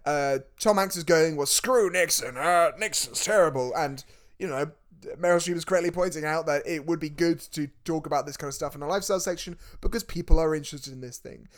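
A man co-hosting a film podcast in casual chat, rambling and excitable, with many restarts. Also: on the high side, fast. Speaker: podcast co-host.

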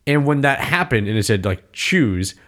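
A man chatting casually, telling rambling, profane, animated stories. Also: medium pitch, a little fast. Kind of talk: casual chat.

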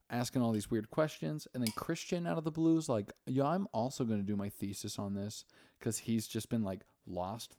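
A young male podcast host recaps a film in a rambling, casual chat, swearing plenty and acting out characters' lines. His voice is low and warm, recorded dry and close with no room sound.

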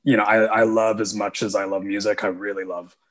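A man's voice: fairly low pitch, a little fast. Chatty young man telling a story. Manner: animated storyteller, many "like" fillers. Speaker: guest musician. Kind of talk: casual storytelling interview.

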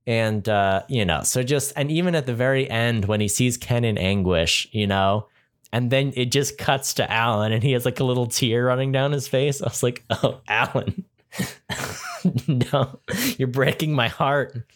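A man's voice: mid-range voice, normal speed. A man co-hosting a casual movie chat, enthusiastic and rambling with lots of fillers. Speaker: podcast co-host.

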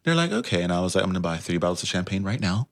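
Animated young man telling a story. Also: deep voice, racing. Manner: animated, acts out voices, laughs often. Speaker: guest telling a personal story. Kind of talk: casual storytelling chat.

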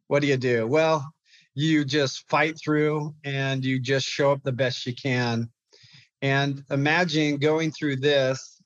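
A young man, a therapist, telling a painful personal story in an interview, halting and repeating words as he goes. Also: medium pitch, dry recording, lo-fi sound. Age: young adult. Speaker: guest, clinical therapist.

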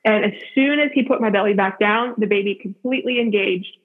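A woman's voice: medium pitch, a little fast, breathy edge. A woman telling a personal story in casual chat, full of "like" fillers and frequent laughs. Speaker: podcast guest. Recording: tinny phone-like line.

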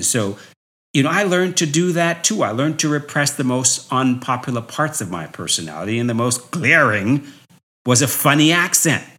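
Animated man telling a personal story. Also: mid-range voice. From New York. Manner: lively storytelling, chuckling often, repeating phrases for emphasis. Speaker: speaker. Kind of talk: personal motivational talk.

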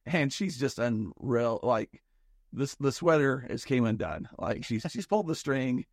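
A man's voice: medium pitch, animated, unhurried, no room sound, clean studio sound. A man co-hosting a podcast in casual chat, rambling and thinking aloud with many restarts. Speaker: podcast co-host.

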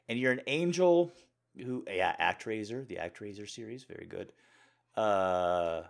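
Animated low-voiced man chatting. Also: normal speed, gravelly. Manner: animated, jokey, bursts of laughter. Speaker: host of an audio channel. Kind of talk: casual Q&A chat.

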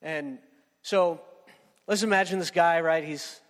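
A man's voice: fairly high pitch, measured pace, in a large hall. A man preaching a sermon in a conversational storytelling way, often checking in with "right?". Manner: conversational, keeps asking "right?".

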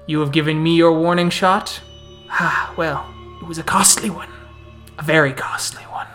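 A man voicing a cold, threatening vampire prince who speaks in a measured way. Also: fairly high pitch, fairly even intonation, bright, forceful tone, faint music behind. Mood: cold menace. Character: menacing vampire prince of the city, male.

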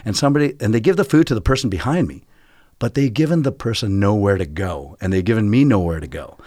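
A middle-aged man from California telling a personal faith story in a casual group chat, animated and talking with his hands. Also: lowish voice, fast talker, dry recording, studio quality. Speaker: church member sharing a testimony.

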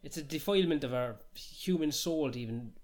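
A man's voice: a little high, a little fast, a little mellow, faint music behind. A man, chatting casually as a podcast co-host and ranting in a sweary, jokingly outrageous way. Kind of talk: casual chat.

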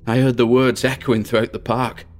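A man's voice: mid-range voice, little pitch movement, normal speed, lightly acted. A man playing a boastful teenage boy who tells a ghost story and builds suspense. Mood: spooky.

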